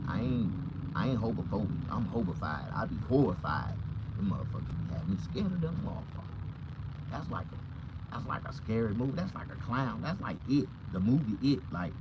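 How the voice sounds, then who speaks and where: A man, a comedian, telling profane comic stories in an animated, loud way from inside a vehicle. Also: lowish voice, background noise. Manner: loud, animated, acts out voices.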